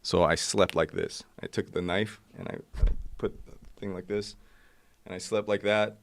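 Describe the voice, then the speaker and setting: A man in his forties with a low voice, a podcast guest telling a profane, vivid story in casual talk. The sound is close and dry. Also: steady tone, moderate pace, no room sound.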